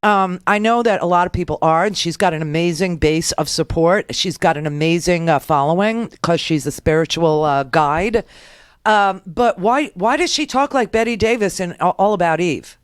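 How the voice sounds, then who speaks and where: A woman's voice: on the low side, moderate pace, clear, resonant tone, no echo. Brief: woman talk radio host, rambling sarcastic commentary, resonant and dry. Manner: sarcastic, rambling, laughing asides.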